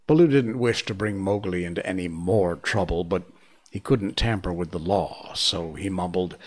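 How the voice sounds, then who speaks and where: A man narrating a classic storybook in a measured, hushed manner. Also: low voice.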